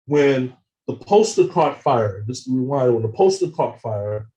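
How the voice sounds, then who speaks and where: Man telling a story in a mellow voice. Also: medium pitch, measured pace, poor audio. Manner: animated retelling, acts out phone calls, repeats words. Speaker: seminar speaker. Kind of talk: storytelling talk with slides.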